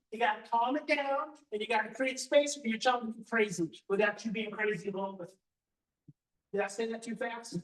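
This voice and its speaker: A man giving a live parenting seminar, talking with passion and repeating key points for emphasis. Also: very high-pitched. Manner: impassioned, emphatic repetition. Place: seminar hall with audience. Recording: echoey hall, distant mic.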